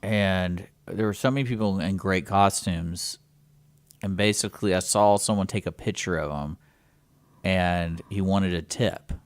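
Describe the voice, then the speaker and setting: A man's voice: low voice, a little slow, clear, resonant tone, no room sound. A young man co-hosting a radio talk show, chatting casually with wry, rambling asides. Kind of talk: casual chat. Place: radio studio.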